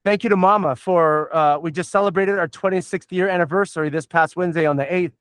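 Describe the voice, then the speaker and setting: A middle-aged man from the Southern United States hosting a casual podcast, rambling and swearing excitably. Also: high-pitched, fast talker, clear, resonant tone, dry recording, clean studio sound. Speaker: podcast host.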